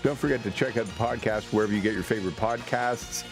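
A man's voice: lowish voice, quick pace, over music. A man hosting a radio talk show, making dry, sarcastic remarks about news clips in a casual way. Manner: dry, sarcastic, dismissive asides.

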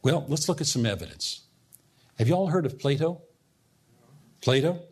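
A man's voice: on the high side, expressive, normal speed, darkish tone, breathy edge. A man preaching a sermon as pastor, teaching earnestly and putting questions to his congregation.

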